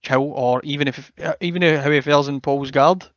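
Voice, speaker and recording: A man's voice: a little high, fairly even intonation, normal speed, a bit bright, no echo. Easygoing man on a dull dry mic. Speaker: podcast co-host. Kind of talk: casual chat.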